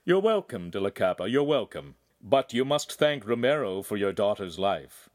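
A man's voice: on the low side, very animated, normal speed, darkish tone, dry recording, clean studio sound. Man doing a commanding, genial nobleman. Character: commanding, good-humored nobleman ruler.

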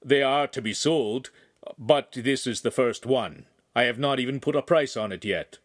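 A man's voice: medium pitch, moderate pace, dry recording, close to an everyday voice. A humble middle-aged craftsman pleads politely with a nobleman, as a man reading the story puts him on. He sounds deferential and anxious. The recording is dry and close. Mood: deferential pleading. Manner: pleading, respectful.

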